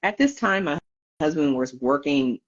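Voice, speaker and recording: A lively woman guest tells her own story in a candid interview, often laughing and putting on the voices of others. Her voice is on the low side yet swings widely in pitch. The audio sounds a little dull and lo-fi. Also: moderate pace. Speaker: podcast guest.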